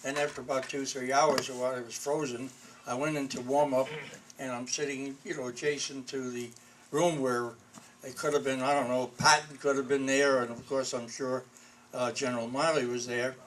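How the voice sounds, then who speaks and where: A man's voice: mid-range voice, flat delivery, moderate pace, a little hiss or hum, rough recording. A man in his eighties, a war veteran, telling wry memories in a chuckling, anecdotal way. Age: 80s. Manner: chuckling, wry storyteller, often breaking into laughter. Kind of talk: anecdotal storytelling.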